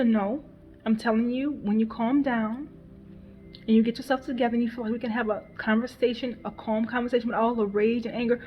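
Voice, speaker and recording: A woman's voice: a little high, steady tone, a little fast, faint music behind. Upset mother venting on a vlog. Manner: emotional, repeats herself, swears, laughs bitterly. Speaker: mother venting on her channel. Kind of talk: casual personal vlog, talking things through. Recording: dull lo-fi sound.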